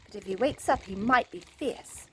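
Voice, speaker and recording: Woman doing Goldilocks, a high eager girl. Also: expressive, moderate pace, slight background noise.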